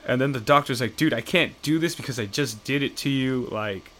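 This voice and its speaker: A man's voice: medium pitch, a little fast, a bit bright. A man in casual chat, rambling and swearing as he retells comic storylines and acts out the characters' lines.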